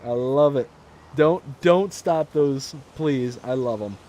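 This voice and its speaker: A man's voice: mid-range voice, takes it slowly, dark tone. A man hosting a farming game livestream, reading viewer comments aloud in a chatty manner and laughing often. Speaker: livestream host.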